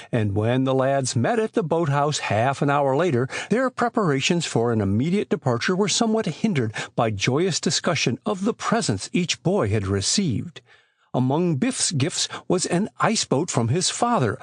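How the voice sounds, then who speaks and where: A man narrating a classic boys' adventure audiobook in a measured, expressive storytelling voice. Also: fairly high pitch, slightly rough, no echo, clean studio sound. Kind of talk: scripted narration.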